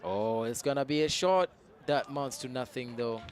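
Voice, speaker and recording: A man's voice: mid-range voice, normal speed. Chatty man calling a soccer match. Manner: chatty, opinionated, bursts into excited shouts on attacks. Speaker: match commentator. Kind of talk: live amateur soccer play-by-play. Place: outdoors at a soccer field.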